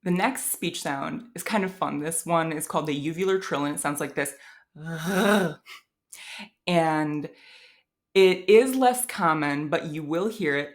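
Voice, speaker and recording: A woman's voice: low voice, moderate pace. A woman from Wisconsin with a Midwestern American accent, giving a casual pronunciation lesson, thinking aloud with fillers and demonstrating sounds. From Wisconsin, USA. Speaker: language teacher.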